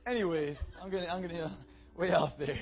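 A young man preaching as a youth pastor, calling for amens and swinging from quiet, intimate talk to shouted declarations. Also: a little high, fairly even intonation, fast, husky. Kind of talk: sermon. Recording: dull, muffled sound with faint music.

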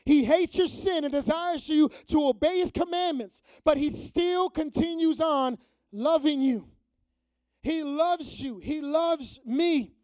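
High-voiced man preaching a casual sermon. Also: slow pace, dry recording, poor audio. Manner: conversational preaching, drops to a hushed prayerful tone; slangy street talk mixed with scripture. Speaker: youth pastor.

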